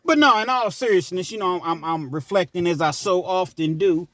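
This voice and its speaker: On his own channel, a male host rambles casually through a personal story, adding asides as he goes. He speaks at normal speed in a high-pitched, fairly bright voice, with no room sound.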